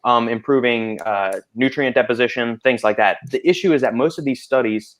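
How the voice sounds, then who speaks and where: A man's voice: mid-range voice, moderate pace. A man hosting a panel podcast, explaining at length in casual talk full of fillers. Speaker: podcast host.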